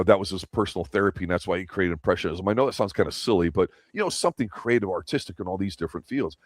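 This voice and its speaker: A deep-voiced man hosts a casual review chat, talking in a rambling, opinionated way and often restarting his sentences. His voice sits very low, and the recording is dry and close. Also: dry recording. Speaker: host of a TV review show.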